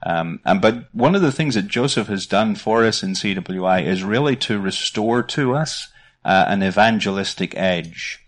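A man's voice: on the low side, lively intonation, moderate pace. A middle-aged man with a Northern Irish accent, speaking earnestly as a ministry guest in a conversational interview, often repeating words as he starts a phrase.

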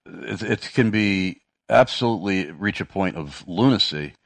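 Deep-voiced man hosting Christian talk radio, hesitant and halting, dry studio sound. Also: lively intonation, creaky, no room sound. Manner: hesitant, many fillers and restarts. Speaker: radio show host. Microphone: studio microphone.

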